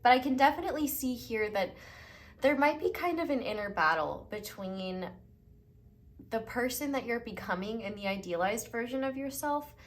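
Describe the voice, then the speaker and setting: A young woman giving an unscripted tarot reading, talking in a gentle, reflective and reassuring way. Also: fairly high pitch, lively intonation, moderate pace. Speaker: tarot reader.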